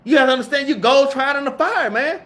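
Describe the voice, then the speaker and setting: A man's voice: very high-pitched, fast talker, fairly bright tone. A man preaching a casual, slangy Bible lesson, reading verses aloud and then explaining them, saying "man" and "all right?" again and again. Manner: reads scripture aloud and then riffs on it. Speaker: preacher teaching a Bible class. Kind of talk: street-style sermon.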